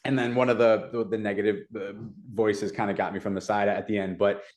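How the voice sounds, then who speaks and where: A young adult man, a community advocate, retelling events in a casual, animated way with many fillers. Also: fairly low pitch, brisk. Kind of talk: casual storytelling.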